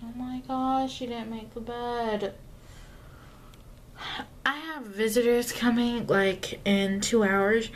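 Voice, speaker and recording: Slow, rambling young woman vlogging. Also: a little high, steady tone, slight background noise. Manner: rambling, self-correcting, lots of fillers and asides. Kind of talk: casual self-filmed vlog talk. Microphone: camera mic, self-filmed.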